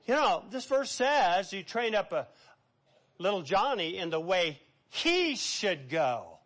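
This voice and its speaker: A middle-aged male pastor preaching a sermon, emphatic, swinging between loud and hushed. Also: sits high, sing-song, slow pace.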